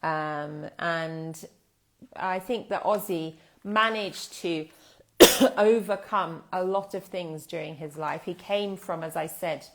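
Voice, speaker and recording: Woman, from England, English teacher, live online lesson, slightly low voice, thoughtful and explanatory. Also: takes it slowly. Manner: explanatory, thoughtful, with fillers and restarts.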